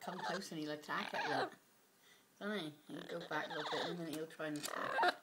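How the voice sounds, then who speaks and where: A woman's voice: low-pitched, brisk. A woman, casually coaxing her parrot to talk in a sing-song pet voice, recorded on a home video. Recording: noisy home video with background noise.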